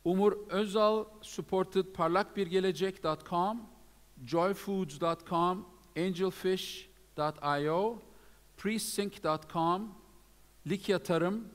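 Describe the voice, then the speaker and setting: A man's voice: high-pitched, takes it slowly. A man presenting awards at a live event, reading out lists of names with many fillers. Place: event hall. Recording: long hall reverb.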